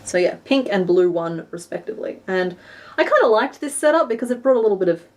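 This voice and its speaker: Talking quickly with lively intonation and a mid-range voice, this young West Australian woman crochets on a live stream. She's chatty and self-deprecating as she describes what her hands are doing.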